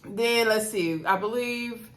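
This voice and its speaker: A woman's voice: a little high, takes it slowly. A woman recapping a reality dating show in a casual, gossipy way, acting out what the cast said. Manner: animated, gossipy, acts out quotes.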